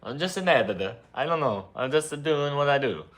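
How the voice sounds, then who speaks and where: A man's voice: lively intonation, brisk. A man voicing a mustached Italian video editor with a put-on Italian accent, rambling and defensive with many hesitations. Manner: loud, higher, rambling with many uhs.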